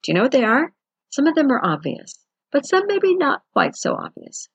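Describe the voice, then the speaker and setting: A woman's voice: sits high, huge pitch swings, moderate pace, no room sound. A woman giving a chatty, conversational self-help talk as a wellness teacher. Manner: chatty, conversational, acts out quotes with laughs.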